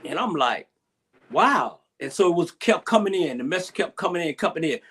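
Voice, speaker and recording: A man's voice: on the high side, animated, normal speed, a bit bright, breathy edge. A middle-aged man telling a personal story as an interview guest on a video call, emotional, repeating himself and restarting often.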